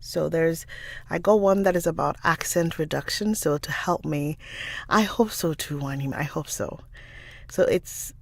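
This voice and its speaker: A woman who is not an American English speaker hosts a casual livestream, chatting and greeting viewers by name into a studio side-address mic. She is also an audiobook narrator, with a deep, creaky voice at a moderate pace on a dry recording.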